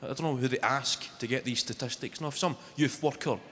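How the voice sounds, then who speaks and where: A man's voice: mid-range voice, brisk, a little hiss or hum. A young man in his twenties with a Glaswegian Scottish accent doing a brash, sweary stand-up routine. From Scotland. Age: 20s. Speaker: stand-up comedian. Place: large arena stage with a laughing crowd. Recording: live arena recording with long reverb and loud crowd.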